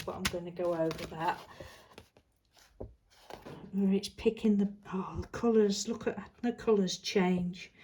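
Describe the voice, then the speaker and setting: A woman's voice: medium pitch, a little mellow, slight background noise, rough recording. A British woman chatting casually as she shows her crafts, rambling and cheerful. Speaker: craft vlogger. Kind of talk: casual chat while crafting.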